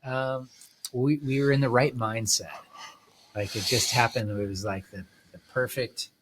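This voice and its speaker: A man's voice: mid-range voice, steady tone, unhurried, noisy background. Laid-back, rambling middle-aged man. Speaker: podcast guest. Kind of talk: casual chat.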